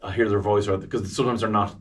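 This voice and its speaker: Recorded from a distance, a fast-talking Irish man with a lowish voice appears on a podcast. He's a radio presenter, and he chats lively about celebrity interviews, performing the voices of the people he quotes.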